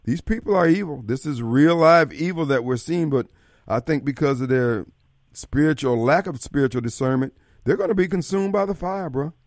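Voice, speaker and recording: A man hosting political talk radio, animated and preachy, swinging from loud outbursts to mutters. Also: a little high, moderate pace, no room sound, clean studio sound.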